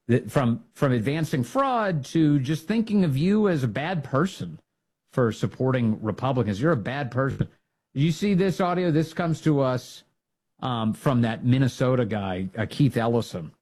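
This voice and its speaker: Male commentator, husky voice, emphatic, rallying the listener. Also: mid-range voice, a little mellow. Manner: emphatic, rises to fired-up exhortation. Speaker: political talk show host. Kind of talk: opinionated commentary.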